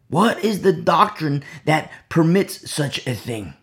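A male preacher delivering a sermon, his pitch swinging widely as he drives his points home. His voice has a gravelly edge. He keeps repeating phrases and tossing out "You see?", dropping at times to near whispers. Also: sing-song, unhurried, few pauses. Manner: swings between loud emphasis and quiet asides. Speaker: Bible teacher.

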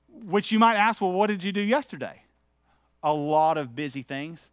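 Candid preacher, high-pitched man. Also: steady tone, normal speed, fairly bright tone, dry recording, clean studio sound. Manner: conversational, candid, anecdotal preaching. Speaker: pastor. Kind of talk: sermon.

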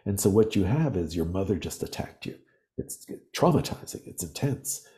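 A man talking as a podcast guest, explaining ideas in earnest, animated storytelling. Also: deep voice, normal speed. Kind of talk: reflective interview talk.

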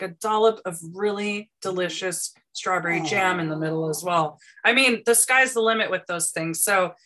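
A woman's voice: mid-range voice, pushed and bright. A woman, a photographer chatting as an interview guest, bubbly and silly, laughing often. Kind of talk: casual interview chat.

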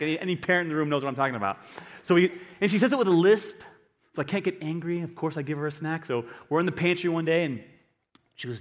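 A male pastor giving an animated sermon, swinging between quiet asides and loud emphatic bursts. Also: fairly high pitch, fast talker. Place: church hall. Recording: long hall reverb.

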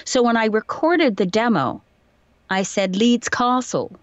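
A woman's voice: a little high, animated, a little slow, no echo, muffled recording. Woman with light received pronunciation. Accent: light received pronunciation English. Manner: chatty, self-deprecating, explains with examples. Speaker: voice actor guest. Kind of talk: casual interview chat.

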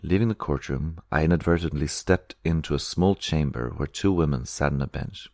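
A man narrating an audiobook with a very deep voice in a measured, steady way. The recording is dry and close with no room sound. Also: gravelly, dry recording. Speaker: reader.

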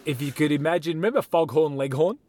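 A man's voice: on the high side, fast talker, a little mellow. An Australian man co-hosting a podcast, telling stories casually and mocking himself. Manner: storytelling, self-mocking. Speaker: podcast co-host. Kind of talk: casual travel chat.

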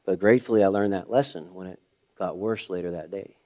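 A man's voice: low voice, fairly quick. Male pastor telling a personal story. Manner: personal storytelling, swings from hushed to raised and emphatic. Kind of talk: sermon. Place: church.

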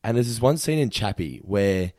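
Animated man chatting about films. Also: on the low side, normal speed, no room sound, studio quality. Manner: animated, acts out film characters in quoted voices. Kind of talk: casual chat about films.

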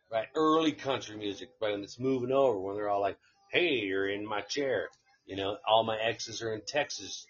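On a live stream, a man casually rambles through a story, swearing freely and laughing as he goes. His mid-range voice is husky and a bit bright, though the recording cuts off the highs.

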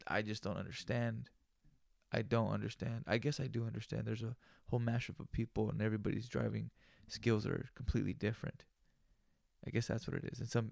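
A man's voice: lowish voice, gravelly, no echo, clean studio sound. A man hosting a solo podcast, talking in a loose, profane, rambling rant. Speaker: podcast host.

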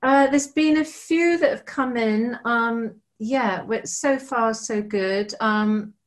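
A woman's voice: on the high side, slow pace. A woman, a musician and actor, chatting as a podcast guest in a rambling, self-deprecating way. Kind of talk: casual interview chat.

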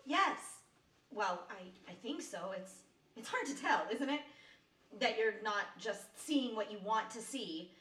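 A woman's voice: a little high, animated, unhurried, a bit bright, far from the mic. An actress playing a worried, earnest young woman who apologizes and seeks reassurance. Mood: anxious. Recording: roomy stage heard from afar.

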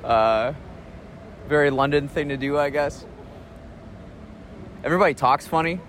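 A man talking in a casual spoken travel diary, relaxed and reflective, rambling with restarts and soft chuckles. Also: fairly high pitch, unhurried, long pauses, a little hiss or hum. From United States. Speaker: podcast host.

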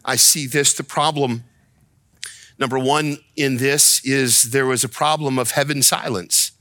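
A man's voice: medium pitch, fairly even intonation, measured pace, pushed and bright, no echo. A man preaching a sermon as a pastor, impassioned, repeating himself and rising to pleading cries. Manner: repeats words and restarts when worked up.

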